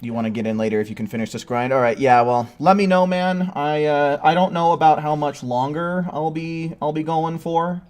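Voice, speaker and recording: A male streamer talks loosely to his chat over a game session, cursing now and then. His voice sits a little on the high side, with quiet music in the background. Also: steady tone, normal speed, hardly any pauses. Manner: chatty, swears casually, sings silly improvised tunes while waiting. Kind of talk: casual live-stream gaming chat.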